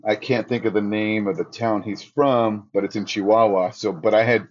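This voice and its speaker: Middle-aged guy, lowish voice, telling announcer stories all animated, bit of a muffled lo-fi sound. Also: normal speed. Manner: animated storyteller, acts out his own quotes in a raised voice. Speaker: ring announcer, guest. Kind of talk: casual interview storytelling.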